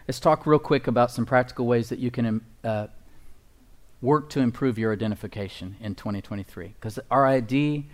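A man's voice: mid-range voice, a little fast. A man preaching a sermon as pastor, emphatic and folksy, often asking the congregation for agreement and chuckling at his own points.

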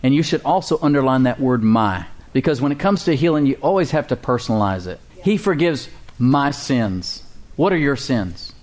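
A man's voice: mid-range voice, expressive, brisk, hardly any pauses, darkish tone. A man preaching a sermon to a congregation in a conversational style, asking for amens and chuckling between points. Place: church congregation.

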